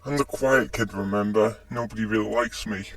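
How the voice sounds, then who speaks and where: Man voicing a quiet withdrawn teen boy. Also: lowish voice, fairly even intonation, normal speed, no room sound, distant mic. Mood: subdued.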